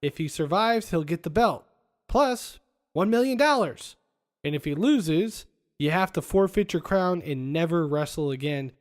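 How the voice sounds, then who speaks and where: A high-voiced man hosts a podcast and walks through a movie's scenes in a casual recap. He laughs often as he retells the plot. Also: moderate pace. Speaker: podcast host.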